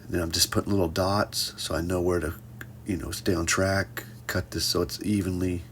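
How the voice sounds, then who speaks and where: A man's voice: deep voice, level tone, normal speed, fairly bright tone, a little hiss or hum. A man teaching a pottery class in a casual hands-on demonstration, joking with his viewers as he works. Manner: playful, jokey asides addressed to "folks".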